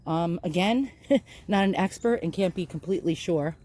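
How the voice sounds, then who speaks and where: A woman's voice: lowish voice, normal speed, mellow. A woman casually narrating her furniture restoration vlog, chatty and self-deprecating, with lots of ums and uhs. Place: outdoors in sunlight.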